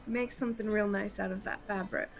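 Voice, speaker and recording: A woman's voice: medium pitch, fairly even intonation, fairly quick, vocal fry, faint music behind. A woman playing a tabletop game, casually describing her character's actions with frequent laughter. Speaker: player. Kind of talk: tabletop role-play.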